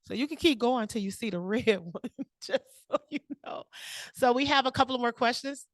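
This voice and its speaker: A woman's voice: a little high, a little fast, dry recording, studio quality. A woman hosting questions at a speaking club meeting, joking, teasing and often laughing. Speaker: table topics host at a speaking club meeting.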